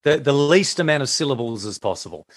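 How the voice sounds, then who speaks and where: A middle-aged man with an Australian accent, a guest author and Bible teacher talking in a casual podcast interview, playful and quick to laugh while joking. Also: mid-range voice, lively intonation.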